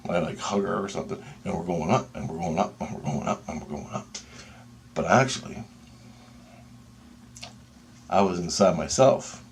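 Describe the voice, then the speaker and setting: A man telling a personal story in a casual, excitable and profane way, with pauses and restarts. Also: low-pitched, creaky, a little hiss or hum.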